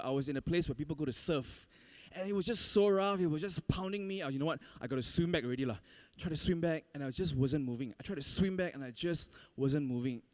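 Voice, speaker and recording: Male preacher, lively storytelling sermon, fairly high voice. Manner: animated storytelling, laughs often, acts out quotes. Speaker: pastor.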